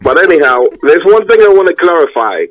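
A man's voice: sits high, big pitch swings, fairly quick. A man with a Connecticut accent calling in to a sports talk show, chatty and emphatic, calling people man and brother. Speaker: caller. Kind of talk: call-in chat. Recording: muffled phone line.

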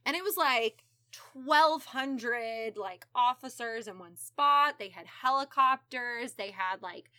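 A woman with a bright, lifted voice tells a true crime story to a friend. She talks casually, swears freely and slips into quick voices for the people in the story. Her pitch sits a little high. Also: no room sound, clean studio sound. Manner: casual, profane, acts out quotes. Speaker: podcast host telling a true crime story.

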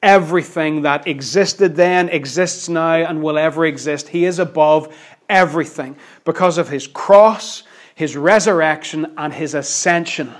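Male preacher, slightly high voice, emphatic, conversational sermon style with bursts of intensity. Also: measured pace. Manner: emphatic, dynamic delivery that swings between loud and hushed; conversational with light humor.

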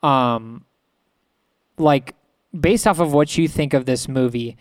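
A man's voice: medium pitch, slow, no room sound. A man in casual chat about movies, hesitant and full of fillers as he sets up his point.

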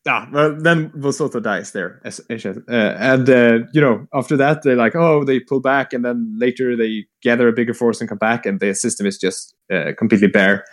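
A man casually retelling a long war story, rambling with fillers, swearing and quick acted-out quotes. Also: medium pitch. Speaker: podcast co-host retelling lore. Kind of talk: casual chat.

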